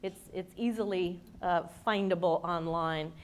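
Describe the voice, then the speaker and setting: A woman communications expert giving a workshop to a live audience in a playful, lively way. She asks the listeners questions and acts out the speech habits she describes. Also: fairly low pitch, unhurried. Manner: demonstrates speech habits with her own voice.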